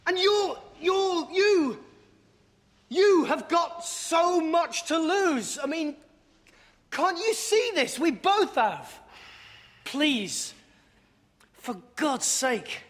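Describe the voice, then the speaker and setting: A man's voice: very high voice, very animated, extremely slow, pauses often, fairly bright tone, full character voice. An actor playing an anxious young male doctor who pleads and then rants in exasperation. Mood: pleading. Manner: exasperated, swings from pleading to ranting. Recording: roomy reverb.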